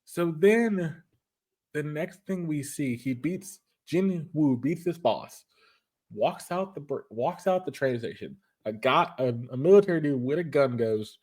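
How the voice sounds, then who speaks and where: A man hosting a casual anime recap show. His pitch sits in the middle for a man, and he talks in a loose, rambling way, often stopping to restart his sentences as he goes. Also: normal speed, a little mellow. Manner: rambling retelling with many restarts. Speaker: podcast host.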